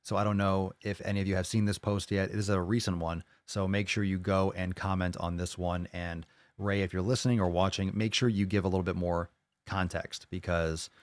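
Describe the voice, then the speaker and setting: A man hosting a solo podcast in a fairly low voice, talking bluntly with plenty of profanity. He reads listener messages aloud and reacts to them with open skepticism. The sound is dry and close, with no room echo. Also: little pitch movement, fairly quick. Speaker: podcast host. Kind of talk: casual solo podcast monologue.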